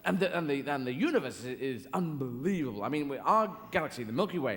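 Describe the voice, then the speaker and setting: A man's voice: medium pitch, lively intonation, quick pace, hardly any pauses, a bit bright. A man doing stand-up comedy on a theatre stage, rambling through whimsical tangents with frequent restarts. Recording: echoey live theatre hall with ambient noise.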